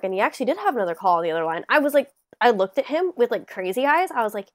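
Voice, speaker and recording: A young woman co-hosting a podcast, telling a story in a casual, animated way, full of "like" and acted-out quotes. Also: a little high, racing. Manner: animated storyteller, lots of "like", acts out overheard lines. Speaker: podcast co-host. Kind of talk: casual chat.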